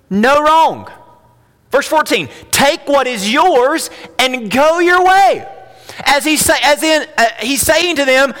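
A man preaching a sermon as pastor, impassioned and climbing higher when he reads scripture. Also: sharp tone. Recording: long hall reverb.

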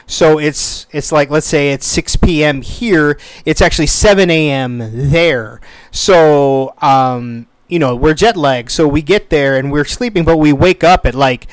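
A man in his thirties telling a story in a casual, animated way, swearing freely. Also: on the high side, unhurried, clean tone, no room sound. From United States. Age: 30s. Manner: animated, swears freely, acts out quoted voices.

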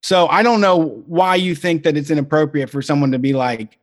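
High-voiced man ranting, profane. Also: a little fast. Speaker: podcast co-host. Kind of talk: casual chat.

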